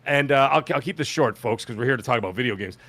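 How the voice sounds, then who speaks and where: Animated man telling a story on a podcast. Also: fast talker. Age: adult with children. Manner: animated, acts out quoted voices with pitch jumps. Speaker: podcast host. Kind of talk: casual storytelling chat.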